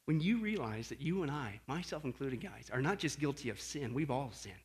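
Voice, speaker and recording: A male pastor preaching a sermon in an animated way, swinging from loud outbursts to hushed asides. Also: on the high side, fast talker, breathy edge. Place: Las Vegas.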